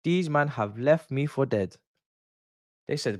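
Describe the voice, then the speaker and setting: A man's voice: medium pitch, slow pace. A young man hosting a football watchalong, ranting in exasperation in casual stream chat. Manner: exasperated, animated ranting with laughs. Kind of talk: casual live-stream rant.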